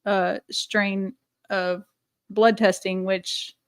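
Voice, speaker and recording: A woman's voice: mid-range voice, little pitch movement, extremely slow, clean tone, dry recording. A woman co-hosting a podcast, chatting and laughing easily. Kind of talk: casual podcast chat.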